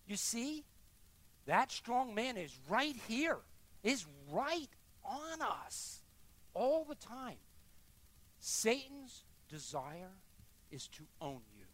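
A man preaching a sermon as pastor in a church, swinging from quiet murmurs to loud emphatic bursts and leading the congregation in prayer. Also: high-pitched, very animated, measured pace. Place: church sanctuary.

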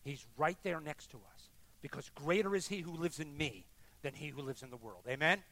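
A man preaching a sermon as pastor in a church, swinging from quiet murmurs to loud emphatic bursts and leading the congregation in prayer. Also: fairly high pitch, moderate pace. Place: church sanctuary.

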